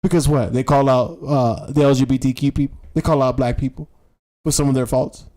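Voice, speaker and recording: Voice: mid-range voice, steady tone, fairly quick, dark tone. A political commentator doing livestream commentary on clips, talking heatedly in casual slang, repeating rhetorical questions and swearing.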